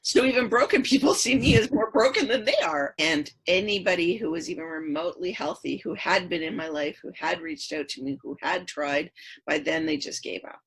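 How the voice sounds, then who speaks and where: Middle aged woman on a podcast, breathy low voice, earnest repeating storyteller. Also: lively intonation, brisk, a bit bright. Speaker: podcast guest. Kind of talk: personal story in interview.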